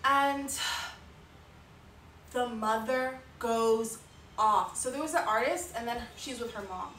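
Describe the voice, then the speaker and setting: A woman who is an artist and streamer tells a story casually on a livestream, speaking slowly in a fairly high, slightly bright voice with lots of fillers and sighs. The mic is at a distance, giving a roomy sound with faint noise.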